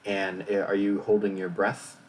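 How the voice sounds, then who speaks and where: Soft-spoken man running a tabletop game. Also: fairly low pitch, normal speed. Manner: relaxed, explains rules with frequent fillers and restarts. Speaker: game master. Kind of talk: narrating a tabletop game over voice chat. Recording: distant mic with faint background hiss.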